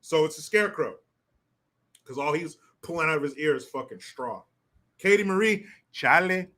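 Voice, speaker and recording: An older man hosting a solo commentary stream, talking in a profane, mocking and animated way. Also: a little high, normal speed. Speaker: political commentary host.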